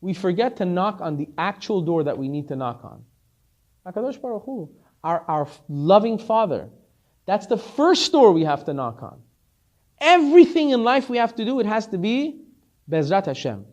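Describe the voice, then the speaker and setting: A man, a rabbi, telling a story in a sermon, animated and repeating words as he stresses them. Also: high voice, moderate pace.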